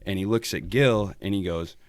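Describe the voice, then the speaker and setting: A man's voice: sits low, moderate pace, no echo, studio quality. A man guesting on a podcast, telling road-trip stories in a laid-back way, swearing a lot and laughing often. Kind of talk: casual storytelling chat.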